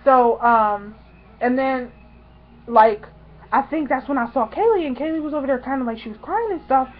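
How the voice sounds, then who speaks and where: A woman vlogger telling a story to her viewers in a chatty, excitable, slangy way. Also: high voice, normal speed, muffled recording.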